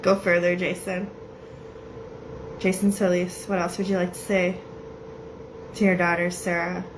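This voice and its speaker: A woman giving a casual psychic reading, chatty and laughing often as she quotes messages in quick bursts. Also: on the low side, little pitch movement, noisy background. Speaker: psychic medium.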